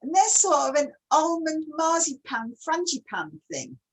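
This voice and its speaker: A woman's voice: sits high, sing-song, measured pace, a little hiss or hum, poor audio. A woman hosting a casual online chat, who talks readily and keeps asking her guest questions. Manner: chatty, asks many questions. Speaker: host.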